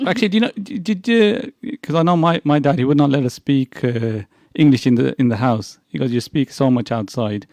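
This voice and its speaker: A man's voice: fairly high pitch, a little fast, gravelly, hardly any pauses, darkish tone, no echo. A man co-hosting a radio show, chatting in an easygoing, conversational way. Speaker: radio co-host. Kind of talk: radio interview. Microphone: radio studio microphone.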